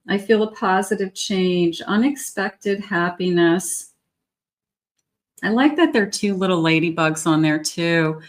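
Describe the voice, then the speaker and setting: A middle-aged woman giving a tarot love reading in a chatty, rambling way, with restarts and little laughs. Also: on the low side. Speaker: tarot reader.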